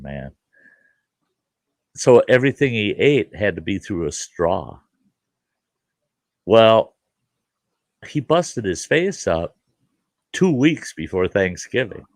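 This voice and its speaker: Deep-voiced and recorded with no echo, a show host chats casually, telling folksy stories with laughter and acted-out quotes.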